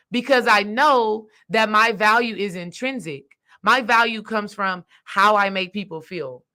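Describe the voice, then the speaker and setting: A woman with a bright, forceful voice tells a personal story in a relaxed monologue. She talks straight to her listeners with emphasis and acts out the dialogue as she goes. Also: mid-range voice. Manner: animated, acts out quoted dialogue; emphatic, addresses listeners directly. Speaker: spiritual coach.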